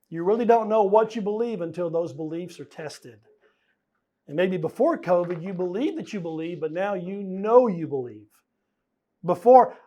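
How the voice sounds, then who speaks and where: Earnest high-voiced man preaching. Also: a little mellow. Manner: earnest, conversational preaching with pauses and emphasis. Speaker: pastor. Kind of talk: sermon.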